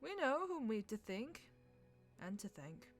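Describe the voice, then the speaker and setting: A woman voicing a jovial, hearty upper-class male government minister with drawn-out exclamations, soft music behind. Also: on the high side, very animated, pitched above the performer's own voice.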